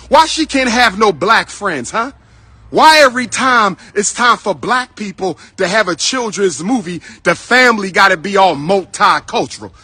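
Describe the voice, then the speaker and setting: A man's voice: high voice, sharp tone, slightly rough, dry recording. A man ranting bluntly straight to his listeners, repeating himself and calling them brothers and sisters. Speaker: commentator. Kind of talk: direct-to-camera rant.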